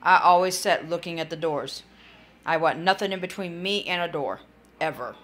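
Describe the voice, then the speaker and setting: A woman's voice: fairly low pitch, moderate pace, fairly bright tone, a little hiss or hum. A woman chatting casually on a live stream, tired and yawning, rambling and talking to chat viewers by name.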